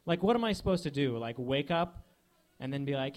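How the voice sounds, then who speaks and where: Talking a little fast in a medium-pitched voice, a young comedian delivers deadpan one-liners stuffed with fillers. He's on a comedy club stage using a handheld microphone.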